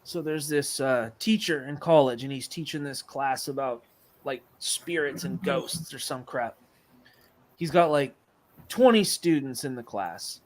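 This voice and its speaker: A man's voice: medium pitch, unhurried. A man in casual chat, rambling through a joke with many restarts.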